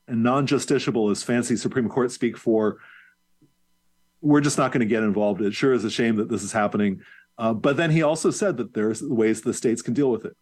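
A man's voice: medium pitch, darkish tone. A male professor answering interview questions in a fluent, lecture-like way. His voice sits in a middle range for a man, and he uses the odd "um" or "uh" as he lays out his explanations. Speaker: professor and guest.

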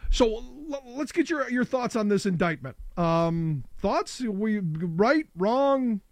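A man hosting a call-in talk show, sounding sick and rough-voiced, chatting casually. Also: high voice, expressive, dry recording. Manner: casual, chatty, quick asides. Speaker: radio talk show host.

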